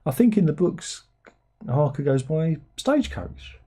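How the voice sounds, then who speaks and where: A man talks casually into a desk mic on a livestream, rambling and sardonic, jumping now and then into high incredulous exclamations. His voice sits mellow and dark in tone. There is a soft, husky grain to it. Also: big pitch swings, a little slow. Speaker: livestream host reading chat. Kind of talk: casual chat.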